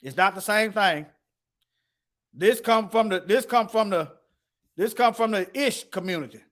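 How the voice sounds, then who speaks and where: A man's voice: high voice, a little slow, a bit bright. A man teaching the Bible in an emphatic preaching style, reading scripture aloud and addressing his listeners directly. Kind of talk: preaching to an online audience.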